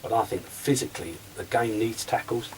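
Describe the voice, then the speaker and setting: A man's voice: medium pitch, normal speed, distant mic, a little hiss or hum, rough recording. A man who used to play football, talking as a guest on a radio show and acting out conversations as he tells stories. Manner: animated storyteller, acts out conversations. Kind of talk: radio interview chat.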